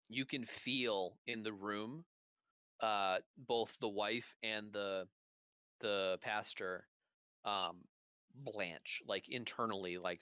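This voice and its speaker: A man's voice: fairly low pitch, sharp tone, clean tone, dry recording. A young man narrating a tabletop game as game master, loose and rambling with many fillers.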